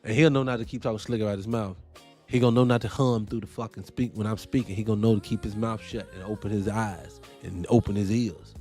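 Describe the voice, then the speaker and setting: A man hosting a morning talk show, ranting in a fired-up, animated, profane way. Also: on the low side, fast talker, soft background music. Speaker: host. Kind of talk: commentary rant.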